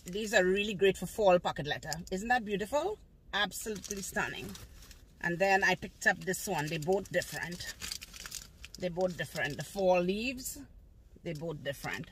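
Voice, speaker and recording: A woman's voice: lowish voice, lively intonation, normal speed, a little hiss or hum. An older woman, a grandmother, showing off her shopping haul in a gushing, repetitive way from her car. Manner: gushing, repeats praise words. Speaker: haul vlogger. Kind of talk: casual haul video, showing items. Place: outdoors in a car on a sunny day.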